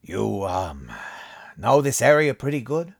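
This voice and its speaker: A man's voice: sits low, big pitch swings, unhurried, vocal fry, fairly bright tone, breathy edge, heavily acted. A man voicing a frightened man who talks with tense, forced friendliness, in a raised voice. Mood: nervous. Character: nervous, frightened man trying to sound friendly.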